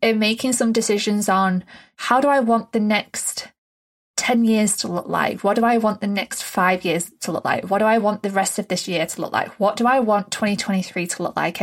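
A woman hosting a podcast, musing thoughtfully and at times slowly on her own life. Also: medium pitch. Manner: thoughtful, musing, slow in places. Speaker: podcast host. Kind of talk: reflective conversation.

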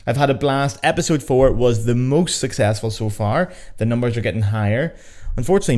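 A man in his thirties with a Belfast accent, hosting a podcast in a chatty, joking, self-mocking way. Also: medium pitch. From Northern Ireland. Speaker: podcast host. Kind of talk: casual podcast chat.

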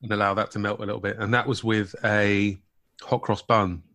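Deadpan man with a West Country accent. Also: fairly low pitch, fairly quick. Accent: West Country English. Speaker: podcast co-host. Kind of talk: casual chat.

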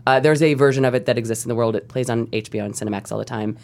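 Wry, quick-talking woman telling stories. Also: rumbling low, creaky, darkish tone. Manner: wry, quick storytelling with frequent laughs. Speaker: TV writer guest. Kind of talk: casual panel interview.

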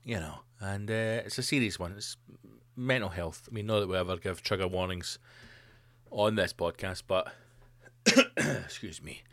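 A man's voice: deep voice, moderate pace, fairly bright tone, no room sound. A Scottish man hosting a comedy podcast, rambling through sweary, jokey asides. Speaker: podcast host.

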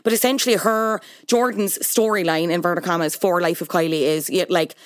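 A woman's voice: lowish voice, fairly even intonation, normal speed, no echo. Opinionated woman, dry close podcast sound. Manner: chatty and opinionated, with blunt asides. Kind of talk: casual podcast chat.

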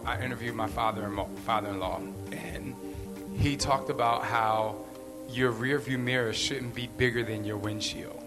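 A man speaking at an ordinary pitch, earnest and rambling as he offers candid encouragement. His voice rings with a long hall reverb, and clear music plays underneath. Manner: earnest, rambling, repeats phrases for emphasis. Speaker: podcast host. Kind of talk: candid motivational talk.

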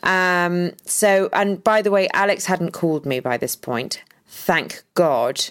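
A woman, co-hosting a podcast and telling a story in a lively, dramatic way, often stopping to restart her sentences. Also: lowish voice, slow pace. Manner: animated, dramatic retelling with restarts. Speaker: podcast co-host. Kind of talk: casual storytelling chat.

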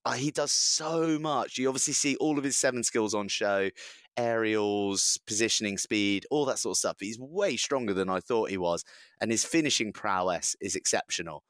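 A man co-hosting a casual rugby podcast, telling lively anecdotes and laughing often. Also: on the low side, normal speed, dry recording. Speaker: podcast co-host. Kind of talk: casual rugby chat and storytelling.

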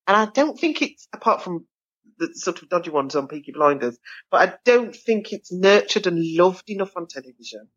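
Woman, Birmingham accent, actor guest, expressive storyteller, lo-fi dull sound. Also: lowish voice, normal speed. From Birmingham, England. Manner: lively, expressive storyteller who acts out voices. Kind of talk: casual interview chat.

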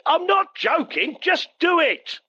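A man's voice: mid-range voice, huge pitch swings, moderate pace, a bit bright, breathy edge, no echo, lo-fi sound, full character voice. An actor playing an impatient male police chief giving orders over a radio in a comedy audio drama. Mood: brusque.

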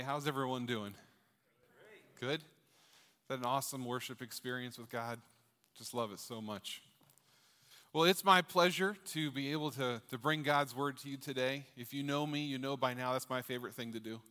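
A middle-aged male pastor delivers his sermon in a loose, joking way, asking the crowd questions as he goes. His voice is bright and forceful. It carries through a large church hall with a long reverb tail. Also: medium pitch, clear, resonant tone. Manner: jokey, chatty, asks the crowd questions. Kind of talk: sermon with jokes.

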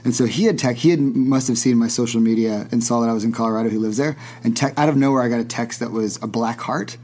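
A man's voice: medium pitch, fast, a little mellow. A man hosting a podcast, telling a long story in casual chat, rambling with many restarts and laughs. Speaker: podcast host.

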